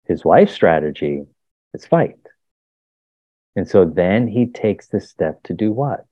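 A man's voice: low-pitched, very animated, slow pace, dry recording. A man explaining to an interviewer, who acts out both sides of a couple's quarrel. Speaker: guest speaker. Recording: tinny phone-like line.

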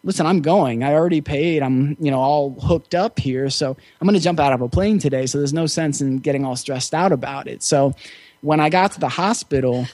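Male interview guest, fairly high voice, easygoing and reflective storyteller, close dry recording. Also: brisk, darkish tone, no room sound. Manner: reflective, easygoing, with frequent fillers. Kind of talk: casual storytelling.

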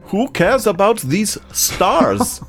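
A scornful tweeter spoken in a slow, exaggerated mock German accent, as a man puts it on for laughs. The voice sits higher than his own and takes its time. Faint music runs underneath. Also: big pitch swings, full character voice.

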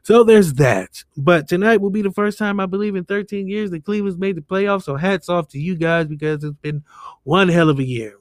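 A man's voice: sits high, steady tone, brisk, dry recording, studio quality. A man hosting a casual podcast, joking loosely and swearing freely over a remote call. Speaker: podcast host. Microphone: remote call setup.

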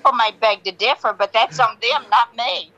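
A woman's voice: a little high, moderate pace, sharp tone, low-quality recording. A woman from Georgia, a podcast guest chatting in a brash, self-assured, teasing way. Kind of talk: casual interview chat.

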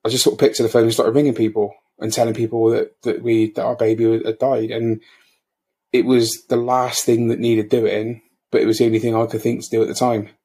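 Halting, husky man. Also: medium pitch, little pitch movement. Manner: halting, many restarts, soft-spoken. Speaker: bereaved father, guest. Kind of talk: personal storytelling, emotional recollection.

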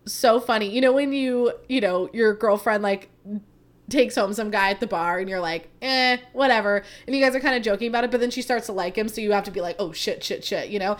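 A woman's voice: medium pitch, quick pace. A woman in her thirties hosting a podcast, chatting casually and animatedly, saying "like" a lot. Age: 30s. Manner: chatty, animated storytelling, heavy use of "like". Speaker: podcast host. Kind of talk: casual chat.

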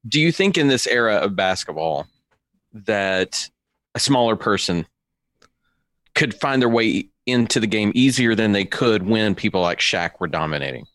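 A man's voice: fairly low pitch, expressive, normal speed, a bit bright, dry recording. A man hosting a casual podcast chat, wry and joking. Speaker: podcast host.

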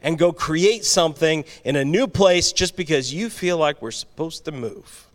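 A man's voice: on the low side, measured pace, darkish tone, husky. Put-upon priest, incredulous and complaining, as a male pastor puts him on in a sermon aside. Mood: exasperated. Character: exasperated biblical priest Aaron, a grown man, put-upon.

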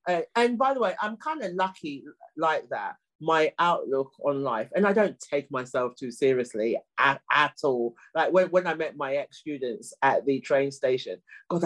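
Woman, middle-aged, podcast guest, low-pitched, animated storytelling, humorous, stumbling restarts. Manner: animated, humorous, repeats words when starting sentences. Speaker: guest, clean air campaigner. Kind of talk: casual storytelling in conversation.

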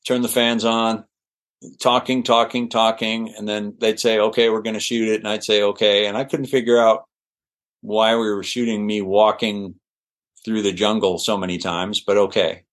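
A middle-aged man, an actor guest on an interview show, telling anecdotes in a lively way with laughs and restarts. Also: on the low side, moderate pace. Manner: animated, laughing, with restarts and fillers. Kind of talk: anecdotal storytelling.

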